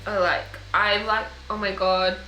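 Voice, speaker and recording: A young woman recording a personal video diary, speaking in an emotional, halting way while tearful. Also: mid-range voice, level tone, bright, forceful tone, slight background noise. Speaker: vlogger. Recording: echoey room with faint music.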